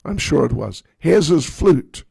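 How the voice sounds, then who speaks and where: A man's voice: a little high, lively intonation, a little slow, vocal fry, a little mellow, breathy edge, no echo, clean studio sound, heavily acted. A man voicing a half-blind, suspicious old woman who insists on what she saw, with accusing questions.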